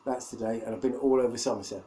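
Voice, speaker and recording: A man's voice: mid-range voice, darkish tone, slight background noise. A man rambling chattily in a casual video diary, laughing often and swearing casually. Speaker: vlogger.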